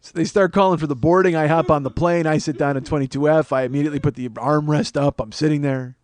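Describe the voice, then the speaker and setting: A man in his forties hosting a podcast, telling a comedic story in a profane, ranting way that builds to loud exasperation. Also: a little high, fairly even intonation, quick pace. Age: 40s. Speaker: podcast host.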